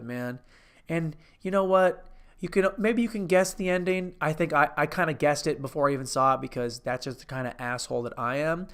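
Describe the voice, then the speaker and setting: A man's voice: mid-range voice, a bit bright. A man hosting a comedic movie review, rambling, interrupting himself and swearing casually. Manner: rambling and self-interrupting, profane. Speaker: host.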